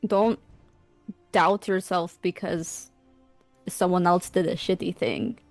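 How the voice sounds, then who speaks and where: A woman playing a character in a tabletop game, talking earnestly and haltingly with many fillers. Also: on the low side, fairly even intonation, no room sound, faint music behind. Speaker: player. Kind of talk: in-character tabletop role-play.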